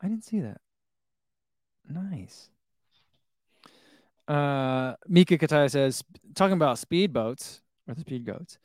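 A man's voice: a little high, expressive, unhurried, pauses often, a little mellow, dry recording, studio quality. A man in his thirties chatting casually on a live stream, reading viewer comments aloud, rambling and chuckling. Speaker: running shoe vlogger reading live chat.

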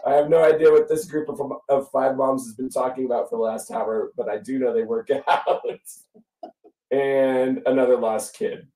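A man with a middle pitch tells a story in a dry, wry deadpan. He sits a little back from the mic. The room rings with echo around him. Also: moderate pace, recorded from a distance. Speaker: podcast co-host. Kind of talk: casual storytelling chat.

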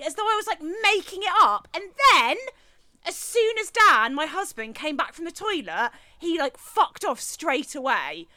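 A woman co-hosting a podcast, telling a story in casual chat with an animated, indignant manner. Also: high-pitched, moderate pace. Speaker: podcast co-host.

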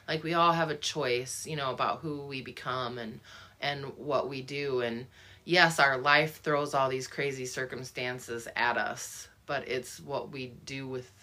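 In a very deep, sharp-toned voice, a woman discusses a book in a relaxed, reflective way. She keeps starting her sentences over and uses plenty of fillers as she thinks aloud.

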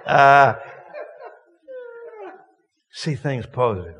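A man's voice: mid-range voice, lively intonation, moderate pace, big-room sound. A man preaching a sermon as a visiting preacher, folksy and joking with emphatic points.

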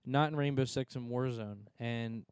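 Young man, podcast co-host, teasing, excitable, mellow smooth voice, dry close sound. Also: medium pitch, moderate pace, no room sound. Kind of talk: casual banter.

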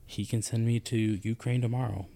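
A man in his thirties chatting on a podcast about army life. He tells his story with animation, and his pitch jumps when he turns indignant. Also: fairly even intonation, normal speed, vocal fry, very noisy. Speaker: podcast co-host, army soldier. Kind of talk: casual podcast chat.

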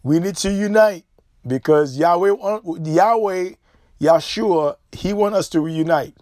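Man, high voice, dry close sound; podcast host preaching warnings with insistent repetition. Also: a little slow, darkish tone, no echo. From Haiti.

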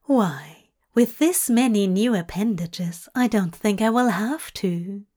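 A woman voicing a tender, possessive angel man who murmurs softly, often in a whisper. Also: medium pitch, lively intonation, slow pace. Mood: teasing. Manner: soft, murmuring, partly whispered.

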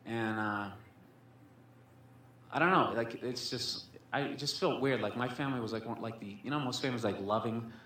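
A man performs rambling storytelling stand-up in a comedy club, swearing and dropping fillers throughout. His medium-pitched voice is a bit bright and runs at normal speed. The echoey room carries faint ambience plus some hiss or hum.

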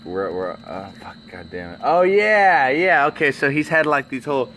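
A man's voice: medium pitch, lively intonation, normal speed, pushed and bright, slight background noise. A man hosting a podcast, chatting casually, joking, swearing and trailing off mid-sentence. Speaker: podcast host.

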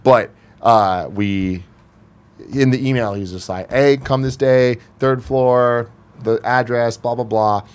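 A man's voice: medium pitch, slow pace, clear, resonant tone. A young man telling a story in casual podcast chat, swearing freely and acting out the people he quotes. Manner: profane, animated, acts out quoted people. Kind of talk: casual storytelling among friends.

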